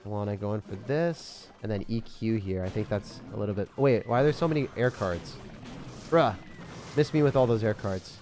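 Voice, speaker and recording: A man giving excited, self-mocking commentary over his own gameplay, full of gamer slang, swinging from hype to groans. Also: on the low side, normal speed, faint music behind. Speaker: gaming creator.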